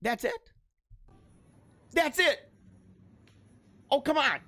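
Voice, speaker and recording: Young male host, lively casual reaction commentary; swoops up and down in pitch, laughs a lot, repeats himself. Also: extremely slow.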